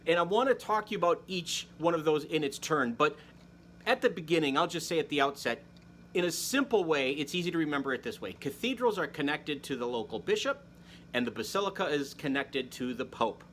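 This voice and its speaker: A man with a slightly higher voice hosts a relaxed talk about church history in a friendly, conversational way. He drops in self-deprecating asides. A faint hiss sits under the recording. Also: fairly quick. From Wisconsin, United States. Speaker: host. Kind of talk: casual catechetical talk to camera.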